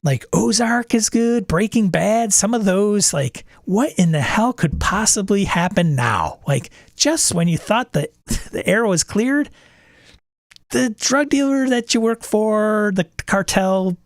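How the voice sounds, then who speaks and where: Animated man talking shop about game mastering. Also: high-pitched, takes it slowly, no room sound, clean studio sound. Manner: animated storyteller who acts out players' quips. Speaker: game master and podcast host. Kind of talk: casual chat about running tabletop games.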